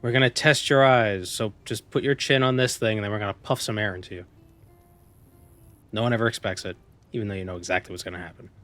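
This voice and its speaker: A man streams a game and chats loosely, cracking jokes and reading lines aloud as he plays. His voice sits on the low side. Quiet game music runs in the background. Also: fairly even intonation, fast. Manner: joking, reads game dialogue aloud, muses to himself. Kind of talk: casual gameplay commentary.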